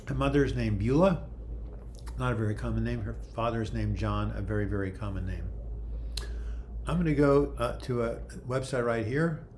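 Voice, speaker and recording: A man's voice: medium pitch, normal speed, darkish tone, a little hiss or hum. Older man chatting on a livestream. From United States. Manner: chatty, reads viewer comments aloud and comments on them. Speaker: livestream host answering viewer questions. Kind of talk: casual live chat.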